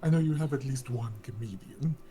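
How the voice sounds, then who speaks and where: A man's voice: medium pitch, brisk, dark tone. A man narrating as game master of a tabletop role-playing game.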